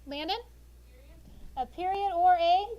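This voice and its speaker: A woman in her thirties teaching sixth grade in a classroom, animated and coaxing, drawing call-and-response answers from her students. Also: very high-pitched, slow pace, dull audio.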